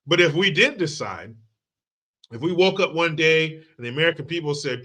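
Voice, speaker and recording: A crude, sarcastic man hosting a commentary channel and ranting about politics with plenty of swearing and mockery. His voice is a little high and bright. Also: expressive, moderate pace. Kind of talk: profane political rant.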